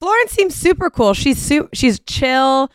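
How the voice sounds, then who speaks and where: A woman's voice: sits high, very animated, a little slow, no echo, clean studio sound. A woman co-hosting a podcast in casual chat, chatty and agreeable, swearing casually. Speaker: podcast co-host. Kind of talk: casual chat recapping a reality show.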